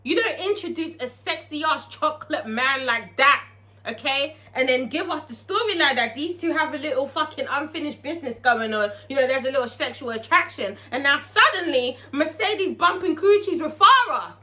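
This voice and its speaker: A woman giving a chatty, animated and profane recap of a TV episode, laughing often. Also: sits high, moderate pace. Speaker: TV episode reviewer. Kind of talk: casual recap commentary.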